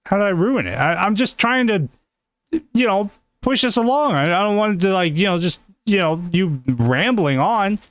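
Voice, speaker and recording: A man's voice: high voice, lively intonation, normal speed, a bit bright, no room sound, clean studio sound. A young man hosting a comedic talk show, rambling and cutting in with lots of fillers. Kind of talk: casual comedic chat.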